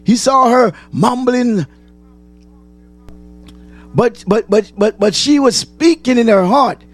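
With faint music playing behind him, a man delivers a sermon in an extremely high voice at a slow pace, his intonation lively. He asks the congregation questions, answers them, repeats phrases, and rises to shouting.

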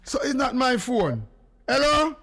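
A Jamaican man hosting a radio live stream, excitable and quick, calling hello again and again. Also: very high voice, creaky. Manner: excitable, rapid, calls hello over and over. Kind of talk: casual live-stream chat.

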